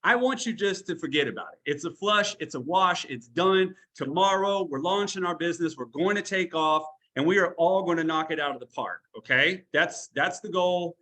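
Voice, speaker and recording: Male business trainer, a little high, bright and forceful, blunt and chatty, tough-love coach on a video call. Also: moderate pace, hardly any pauses.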